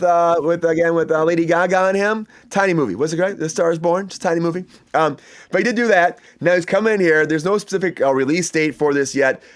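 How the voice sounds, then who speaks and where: This is a man with a fairly high voice, hosting a relaxed entertainment news show. He chats eagerly and loosely, with plenty of fillers and side remarks as he talks to his co-host. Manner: chatty and enthusiastic, many fillers and asides. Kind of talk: casual entertainment news chat.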